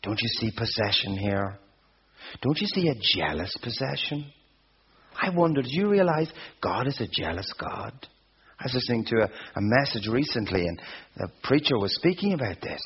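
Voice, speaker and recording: A man preaching a sermon, slow and emphatic, building repeated phrases to a peak. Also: medium pitch, big pitch swings, slightly rough. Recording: dull lo-fi sound.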